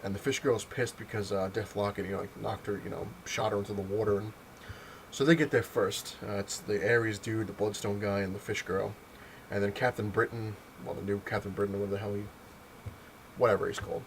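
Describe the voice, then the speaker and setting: Man, low voice, rambling casual comic review with a lot of fillers; faint hiss in the recording. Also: fairly even intonation, brisk, rough recording. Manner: rambling, lots of fillers and retold dialogue. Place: home, on a couch.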